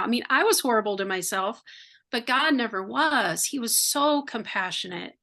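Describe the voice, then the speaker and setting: An older American woman sharing her faith testimony as an interview guest, earnest and heartfelt, sometimes rushing through words. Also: fairly high pitch, lively intonation, vocal fry, sharp tone. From United States. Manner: earnest and heartfelt, quick bursts.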